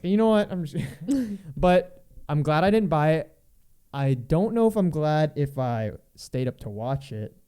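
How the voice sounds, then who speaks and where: A man's voice: a little high, expressive, unhurried, dark tone, smooth. A man hosting a casual podcast chat, joking, laughing often and restarting his lines. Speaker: podcast host.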